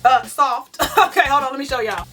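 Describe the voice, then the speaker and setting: A woman's voice: sits high, moderate pace, a bit bright. Woman w/ cooking at home, talks to "y'all" nonstop, kinda far from the mic. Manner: chatty, self-mocking, talks straight to viewers as "y'all". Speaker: vegan cooking channel host. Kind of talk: casual cooking vlog chat. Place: home kitchen. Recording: distant mic with faint music.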